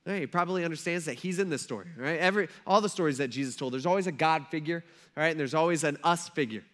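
A fast-talking pastor, his pitch fairly high, preaches conversationally. He asks questions he doesn't expect answered and performs quotes, with his volume swinging from loud stresses to hushed lines.

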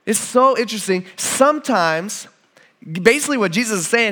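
A man's voice: high-pitched, lively intonation, moderate pace, a bit bright. A man giving an informal, conversational sermon with frequent restarts and acted-out quotes of the people in the story.

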